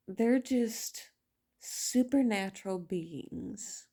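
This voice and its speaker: Speaking at a mid-range pitch, this female video reviewer rants through a laid-back vlog at an unhurried pace, blunt and full of profanity. Her tone is dark and mellow, with annoyance holding steady from start to finish.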